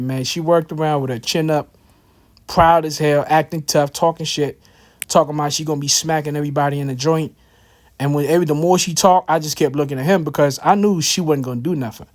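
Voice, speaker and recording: A man's voice: a little high, steady tone, brisk. A man giving casual scripture commentary, telling a personal story in a loose, slangy way with many fillers and asides. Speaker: religious teacher.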